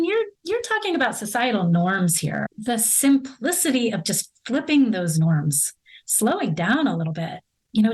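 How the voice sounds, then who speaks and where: A woman of medium pitch talks with a podcast host, calm and reflective. She speaks earnestly and at an easy pace. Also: rough recording. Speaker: guest, mindfulness teacher. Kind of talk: conversational interview.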